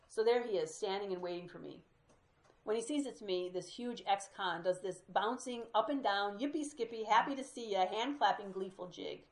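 A woman storyteller reading a memoir aloud, sprinkling in Spanish words. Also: medium pitch.

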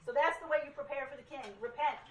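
A woman's voice: sits high, racing, low-quality recording. A woman teaching a small group in a casual, self-deprecating way, recorded in a meeting room. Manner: chatty, self-deprecating storytelling. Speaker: Bible study teacher.

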